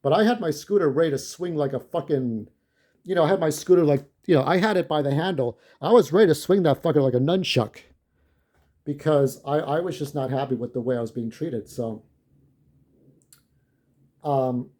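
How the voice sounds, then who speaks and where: A man's voice: fairly high pitch, moderate pace, warm tone. A shaken-up man telling an angry, profane story about a confrontation in a vlog. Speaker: vlogger. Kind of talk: ranting vlog monologue.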